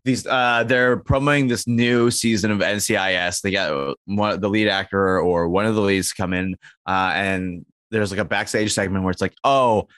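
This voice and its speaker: A man's voice: low-pitched, steady tone, normal speed, few pauses, fairly bright tone, dry recording. A man co-hosting a casual comedy podcast, rambling through silly scenarios with lots of fillers and acting out quoted lines. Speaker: podcast co-host.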